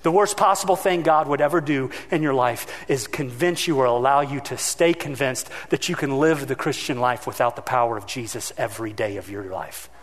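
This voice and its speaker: The medium-pitched voice of a pastor fills a large hall as he preaches. He narrates with animation, giving voice to the people in his stories and acting out his own yelling.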